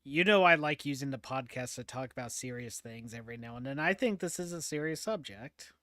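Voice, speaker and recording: A man's voice: mid-range voice, expressive, fairly quick, sharp tone, dry recording, studio quality. A man hosting a casual podcast chat, talking in a loose, chatty way with lots of fillers, restarts and laughter. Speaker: podcast host.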